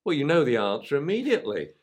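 Lively male dog-trainer host, swooping pitch, tells stories and acts them out. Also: fast. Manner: animated storyteller, acts out voices. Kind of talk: casual podcast conversation.

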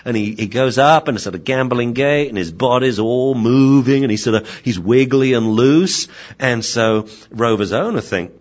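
A man, a veterinarian and dog trainer, explaining dog behavior in a lively storytelling manner. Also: mid-range voice, normal speed. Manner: lively storytelling, acting out scenes. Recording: dull lo-fi sound.

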